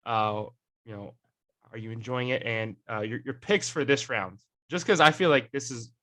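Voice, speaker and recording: A young man with a bright, lively tone hosts a casual sports chat. He rambles along, full of fillers and restarts. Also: mid-range voice, moderate pace. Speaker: podcast host.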